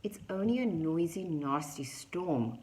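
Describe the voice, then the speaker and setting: A woman voicing a calm, kind owl in a children's storybook, speaking in a lower, soothing, reassuring tone. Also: measured pace, slight background noise, rough recording.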